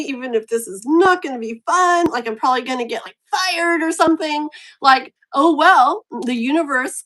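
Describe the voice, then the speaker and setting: A middle-aged woman with a high voice chats on a live video call. She talks freely and laughs often, telling stories with lots of animation. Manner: chatty, laughing, apologetic, animated storyteller. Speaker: tarot reader and live stream host. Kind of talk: casual live stream chat.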